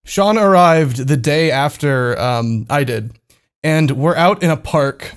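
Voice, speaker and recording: A young man with a somewhat high voice tells a rambling story in casual podcast chat. He laughs along with himself and swears often, backtracking and correcting details as he goes. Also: slow pace, clean tone. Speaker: podcast co-host.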